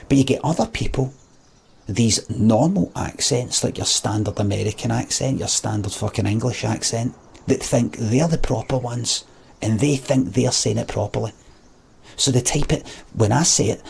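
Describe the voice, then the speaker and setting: A man's voice: medium pitch, animated, normal speed, gravelly, slightly rough. A young Scottish man with a strong Scottish accent, ranting emphatically and mockingly with plenty of swearing. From Scotland. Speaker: streamer. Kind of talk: ranting monologue.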